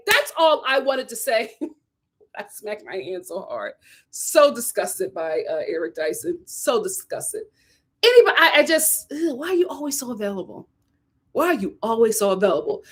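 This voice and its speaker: Young woman, high voice, sassy live-stream rant, lively swoops. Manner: animated, sassy ranting with laughs. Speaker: host. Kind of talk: casual live-stream commentary.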